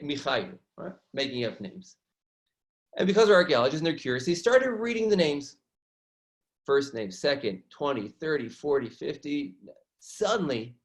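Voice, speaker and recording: A male educator walks viewers through slides in an online lesson. His voice sits a little high for a man, and his delivery is animated. He keeps checking in with his audience by asking "right?".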